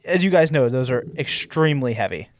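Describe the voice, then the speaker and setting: Animated man telling a story. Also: medium pitch, fairly quick, no room sound, studio quality. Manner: animated, swears, acts out quotes. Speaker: podcast co-host. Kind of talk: casual storytelling chat.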